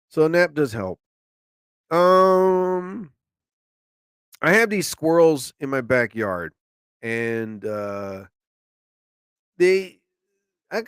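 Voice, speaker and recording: A man with a fairly high, clean-toned voice is recorded with no room sound. Hosting a live show, he rambles through everyday stories as an animated storyteller, acting out the quotes in a solo chat.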